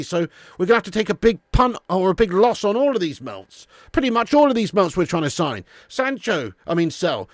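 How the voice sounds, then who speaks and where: A man's voice: high-pitched, no echo, studio quality. A young man hosting a live football fan stream, ranting fiery and laughing with lots of swearing. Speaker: football fan channel host.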